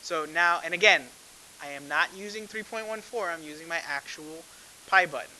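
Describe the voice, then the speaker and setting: A man's voice: fairly high pitch, moderate pace, sharp tone, a little hiss or hum, low-quality recording. A man teaching a math class, talking conversationally and asking the class frequent questions. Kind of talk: classroom lecture.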